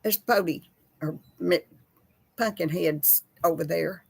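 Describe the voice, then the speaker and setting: A Texan woman, older, hosting a casual chat from her home kitchen in a slow folksy drawl. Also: fairly low pitch, gravelly, darkish tone, slightly rough, no room sound. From Texas. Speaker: host. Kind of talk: casual chat with live chat viewers.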